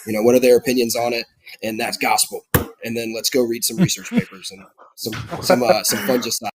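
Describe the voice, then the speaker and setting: A man's voice: mid-range voice, fairly even intonation, a little fast, background noise. A man with a South Georgia accent, a podcast guest talking eagerly in casual chat. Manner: eager, many fillers and restarts.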